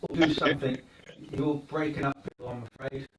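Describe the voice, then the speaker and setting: A man co-hosting a live studio show, explaining things in a rambling, halting way with many fillers. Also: medium pitch, fairly even intonation, a little hiss or hum. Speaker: studio co-host. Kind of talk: live paranormal show talk. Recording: roomy studio, mic at a distance.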